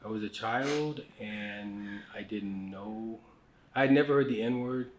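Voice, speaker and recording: A man's voice: on the low side, takes it slowly, a little hiss or hum. A middle-aged man from the United States tells personal stories in a loose, conversational way. He restarts sentences often and drops his voice for asides, sounding candid and unrehearsed. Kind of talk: casual storytelling conversation.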